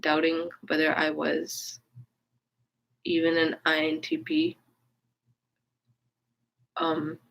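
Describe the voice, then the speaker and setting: Sitting low and sounding gravelly, a woman's voice comes through a low-quality recording. She's a vlogger telling a personal story, candid and casually profane, full of fillers and rambling restarts.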